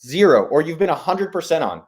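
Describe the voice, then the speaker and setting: A man hosting a live stream, talking in a casual, rambling way, excited and swearing freely. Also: fairly high pitch, fairly quick. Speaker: host.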